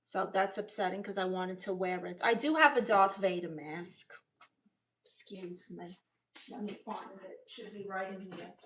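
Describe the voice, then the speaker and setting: Bright, chatty woman streamer. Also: mid-range voice, moderate pace, a little hiss or hum. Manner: chatty, jokey and expressive. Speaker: comedian streamer. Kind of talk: casual livestream chat, reading viewer comments.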